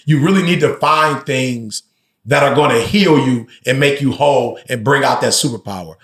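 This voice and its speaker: A man's voice: mid-range voice, normal speed, a bit bright, husky. A middle-aged man, a motivational speaker and pastor, talking candidly as a podcast guest in a reflective, emphatic way with slangy asides. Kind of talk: candid conversational interview.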